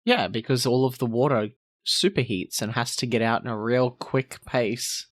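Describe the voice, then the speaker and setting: A man co-hosting a podcast, reacting to lore with quick banter in casual chat. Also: mid-range voice, steady tone, a bit bright, no room sound, studio quality. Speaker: podcast co-host.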